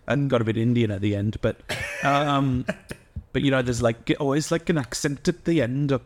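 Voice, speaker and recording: An Australian man in casual podcast chat, rambling and halting with many fillers. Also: medium pitch. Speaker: podcast co-host.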